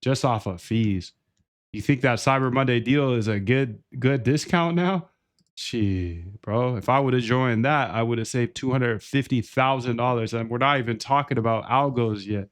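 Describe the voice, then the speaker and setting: Excitable swearing young man streaming trades. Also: mid-range voice, normal speed. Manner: excitable, swears a lot, calls listeners bro and dude. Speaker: trading streamer. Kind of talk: casual livestream rant.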